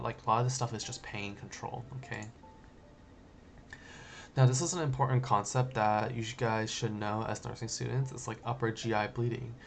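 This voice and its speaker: A man's voice: on the low side, creaky. A man teaching a nursing exam review in a loose, conversational way, full of "like" and "you know". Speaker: nursing educator. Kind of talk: casual exam review lecture.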